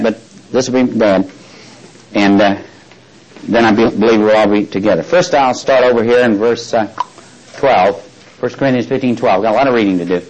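A man's voice: mid-range voice, rough recording. An older man preaching a folksy sermon, often asking his listeners questions and reading scripture aloud. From Texas.

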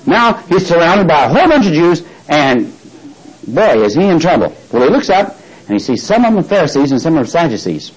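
A man's voice: on the high side, sing-song, fairly quick, husky, poor audio. A man preaching a sermon, retelling a scripture story, acting out its speakers and prompting the congregation to finish his lines, with frequent restarts.

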